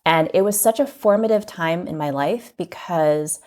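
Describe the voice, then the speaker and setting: A woman from the United States, a magazine editor and podcast guest, recounting personal memories in an earnest, reflective way, often filling pauses with "like". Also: on the low side, a little mellow. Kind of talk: candid personal storytelling in an interview.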